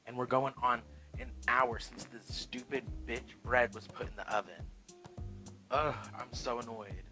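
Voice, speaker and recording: A bright, forward-sounding man chats sassily through a home cooking vlog. He swears freely and keeps calling his viewers "girl" and "honey". Faint music sits behind his voice in the kitchen. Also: mid-range voice, flat delivery, moderate pace, rough recording. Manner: sassy, profane, talks to viewers as "girl" and "honey". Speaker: cooking vlogger.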